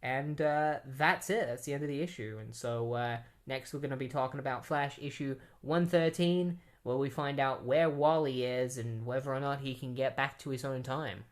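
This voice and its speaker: A man giving a casual, rambling recap of a comic book storyline at a medium pitch. His talk is loose and unscripted, padded with "like" and "um" as he works through the plot point by point. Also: steady tone, moderate pace, hardly any pauses. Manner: rambling, heavy use of "like" and "um".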